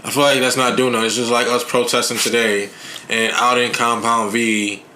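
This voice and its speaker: Man, podcast co-host, bright voice, faint background hum. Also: mid-range voice, moderate pace. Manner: animated, does goofy put-on accents. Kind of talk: casual review chat.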